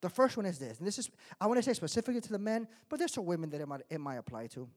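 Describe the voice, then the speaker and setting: Male pastor, sermon delivery, very expressive pitch, drops low then climbs loud for emphasis. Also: very fast. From Miami, United States. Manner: animated preaching that swings from quiet to loud.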